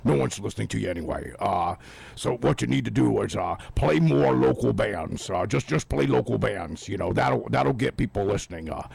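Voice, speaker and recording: A man's voice: on the low side, animated, normal speed, gravelly, a little mellow, slightly rough, no room sound, voice pushed down, exaggerated voice. A man playing a dismissive male co-worker who grumbles and stammers his advice.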